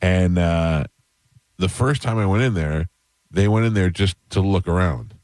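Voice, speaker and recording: A radio host telling a long, self-mocking story in a casual, rambling way, with restarts, into a close studio mic. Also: male voice, low-pitched, measured pace, darkish tone, dry recording.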